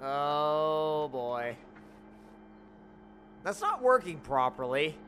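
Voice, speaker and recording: A young man chats over a co-op game, slow and drawn out, with a lively, swooping pitch. He teases and scolds his friend, and often breaks into laughter. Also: a little hiss or hum. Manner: teasing, exasperated, laughs a lot. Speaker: gaming channel host. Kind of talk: casual gameplay chat.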